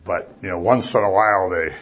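Male preacher, husky voice, casual and jokey, then bursts loud for emphasis; muffled lo-fi recording. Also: deep voice, fairly quick. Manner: conversational, with jokey asides and sudden loud emphasis. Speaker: pastor. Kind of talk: sermon.

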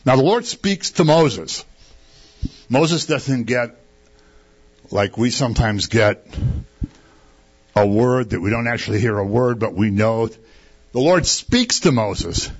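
A man's voice: mid-range voice, lively intonation, takes it slowly, pauses often, lo-fi sound. A man preaching a sermon in a conversational way, asking his listeners rhetorical questions.

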